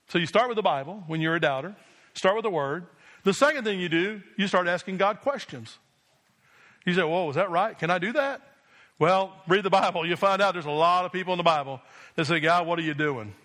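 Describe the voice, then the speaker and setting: High, bright-voiced preacher man. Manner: emphatic preaching with repeated call-and-response "Amen?". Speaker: pastor. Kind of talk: sermon.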